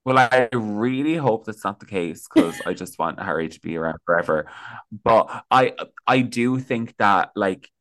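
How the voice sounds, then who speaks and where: A man's voice: on the low side, expressive, a little slow, a bit bright. A man, a podcast guest in casual, enthusiastic chat about pop music. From Ireland. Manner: chatty, enthusiastic, lots of "like" fillers.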